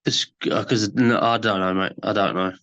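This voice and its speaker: A man, a podcast guest in casual chat who talks haltingly with many fillers. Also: fairly low pitch, fairly even intonation, a bit bright, dull audio.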